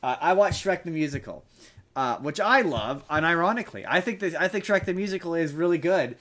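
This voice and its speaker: A man's voice: a little high, expressive, a little fast, pushed and bright. A man co-hosting a podcast in casual chat, rambling with frequent restarts and fillers. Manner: rambling, many restarts and ums. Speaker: podcast co-host.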